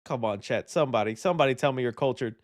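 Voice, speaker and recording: A man's voice: mid-range voice, fast. A man hosting a live movie news stream, chatting loosely with his viewers, joking, trailing off and restarting his thoughts. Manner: rambling, joking, reads and answers chat, hesitant restarts. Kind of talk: casual live-stream chat.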